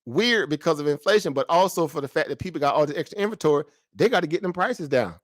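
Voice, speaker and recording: A man talks through stock charts in a loose, slangy way, and keeps posing rhetorical questions before he answers them. His voice sits a bit high and sounds dry and close to the mic. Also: fast talker, no room sound. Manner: rhetorical questions, slangy and animated, mimics traders. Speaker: market commentary host. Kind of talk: casual stock market commentary.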